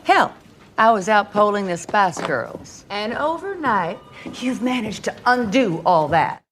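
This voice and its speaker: A woman's voice: mid-range voice, very animated, unhurried, slight background noise. An actress playing a stern, imperious mother scolding her son in a film clip.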